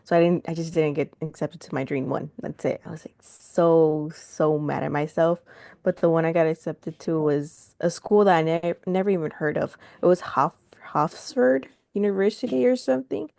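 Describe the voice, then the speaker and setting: A woman's voice: low-pitched, moderate pace, vocal fry, mellow, dry recording, clean studio sound. A young woman co-hosting a podcast, telling a story in a rambling way with fillers and laughs. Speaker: podcast co-host. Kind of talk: casual chat.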